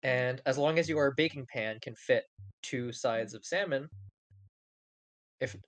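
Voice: mid-range voice, unhurried, dry recording. A podcast co-host in a casual chat, rambling and profane, often breaking into laughter.

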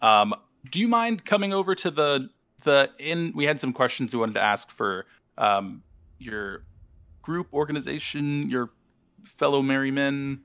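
A man's voice: mid-range voice, measured pace, a bit bright, smooth, no echo. A man playing a tabletop game, joking and laughing, talking hesitantly. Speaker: player. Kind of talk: casual tabletop game play.

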